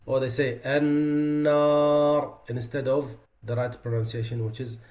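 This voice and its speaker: A man teaching a tajweed lesson, his voice sitting at an ordinary middle pitch. He explains each mistake in plain speech, then stretches out example words slowly and with emphasis to show the difference. The room around him is echoey and reverberant. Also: level tone, warm tone. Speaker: Quran recitation teacher.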